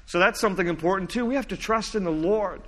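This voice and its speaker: Male pastor, sermon delivery, slow scripture readings, soft low emphasis, reverberant hall sound. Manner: teaching, reads scripture slowly, drops low and soft for emphasis.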